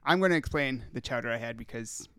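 A man's voice: mid-range voice, fast, sharp tone, clean tone, no echo, studio quality. A man from Minnesota co-hosting a casual podcast, telling rambling travel stories and laughing often. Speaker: podcast co-host. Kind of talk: casual chat.

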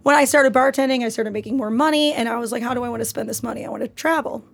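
A young woman with a somewhat high voice chats casually as a podcast guest. She tells her stories bluntly and swears freely. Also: racing, gravelly. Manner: unfiltered, swearing, storytelling.

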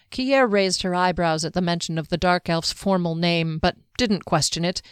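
A woman narrating an audiobook with a steady, even storytelling manner. Her voice sits low. The recording is close and dry. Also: moderate pace, few pauses, clean tone, dry recording.

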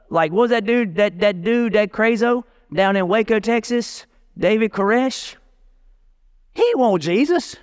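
A man preaching from the pulpit in a loose, joking, slang-filled way. His voice sits a little high, and a long hall reverb rings after his words. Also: normal speed, smooth. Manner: lively, casual street-talk preaching with jokes. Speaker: pastor. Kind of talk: sermon.

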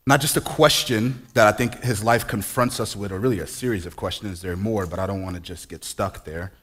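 A man's voice: on the low side, a little fast, fairly bright tone, slightly rough. A man in his forties preaching a sermon in a conversational way, full of rhetorical questions and playful asides. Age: 40s. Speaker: pastor.

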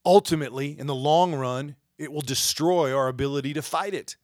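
A man's voice: on the high side, fairly quick, dry recording, studio quality. Fiery man ranting on a podcast. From Indiana, United States. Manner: fiery, rising to shouted rhetorical questions. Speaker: podcast host. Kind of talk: impassioned monologue.

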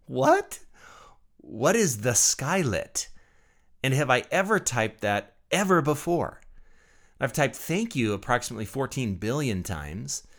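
A man's voice: fairly low pitch, a bit bright. A man, a pastor, hosting his podcast in a chatty, jokey, self-deprecating monologue. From Midwestern United States.

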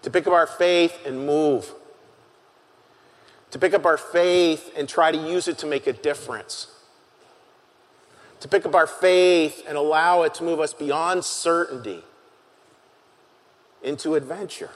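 A male pastor delivers a sermon in an earnest, halting way, pausing and repeating his key phrases. His voice sits a touch high for a man. The sound rings with a long reverb, as in a large hall.

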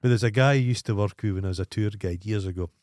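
A man's voice: on the low side, fast, a little mellow, dry recording, clean studio sound. A Scottish man co-hosting a podcast, telling rambling, profane anecdotes in casual chat. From Scotland. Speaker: podcast co-host.

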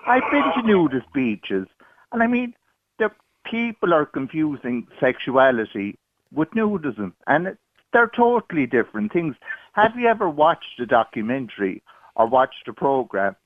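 A man's voice: a little high, very animated, unhurried, no echo. A man calling a radio phone-in, cheeky and joking as he tells a story. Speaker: caller. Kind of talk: casual phone-in chat. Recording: muffled phone line.

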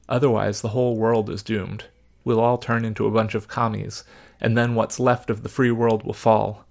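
Guy reading a paranoid cold war dad, kinda low and gravelly, pushy and sure of himself. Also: little pitch movement, moderate pace, darkish tone. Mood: fervent. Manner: fervent, conspiratorial, emphatic. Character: paranoid anti-communist father, middle-aged man.

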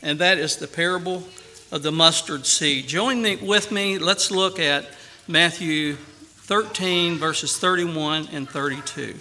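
A man preaching a sermon earnestly, with emphatic rises on key phrases and a quieter, softer voice in prayer. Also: fairly high pitch, slow pace.

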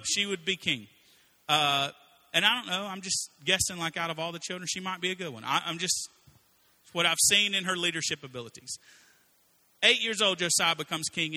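A man preaching a sermon in a casual, conversational way, acting out quotes as he tells stories. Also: fairly high pitch. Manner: conversational, animated storytelling with acted-out quotes.

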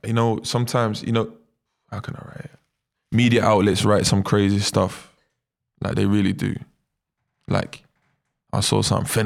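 A man, a footballer telling stories in a casual interview, animated and full of tag questions. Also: fairly low pitch, creaky. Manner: animated storyteller, many fillers and tag questions. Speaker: footballer guest.

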